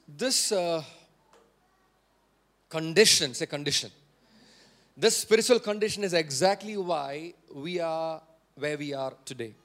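High-voiced man preaching a sermon. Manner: repeats key phrases for emphasis; questions and prompts the congregation. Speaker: pastor.

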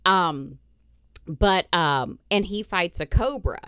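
A woman's voice: fairly low pitch, animated, slow, a bit bright, clean tone, no room sound, clean studio sound. A middle-aged woman hosting a podcast in casual chat, blunt and profane, laughing often. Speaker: podcast host.

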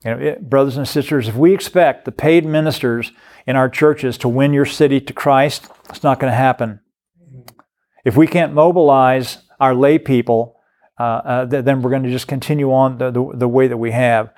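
A man's voice: mid-range voice, steady tone, moderate pace, darkish tone. Earnest older man teaching scripture. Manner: earnest, repeats words while building emphasis. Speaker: guest speaker on discipleship. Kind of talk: preaching-style teaching talk.

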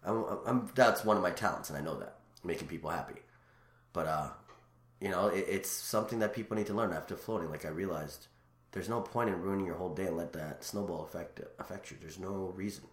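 A man's voice: deep voice, brisk, roomy sound. A man chatting casually as a guest, telling rambling stories full of restarts. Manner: rambling, animated storyteller with many restarts. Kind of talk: casual chat.

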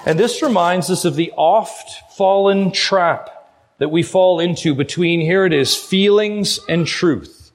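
A middle-aged man preaching a sermon as pastor, emphatic, his voice swinging between quiet low passages and loud high ones. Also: takes it slowly. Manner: emphatic preaching, rises and falls in pitch and loudness.

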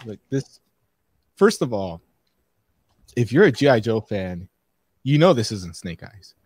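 A man's voice: mid-range voice, darkish tone, dry recording. Rambling man on a podcast, dry close sound. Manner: rambling, hesitant, frequent fillers and restarts. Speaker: podcast co-host reviewing a film. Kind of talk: casual podcast chat.

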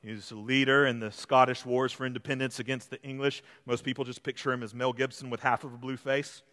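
A man preaching a sermon, swinging from hushed, slow passages to loud, emphatic build-ups. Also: medium pitch, little pitch movement, long reverb tail. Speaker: pastor.

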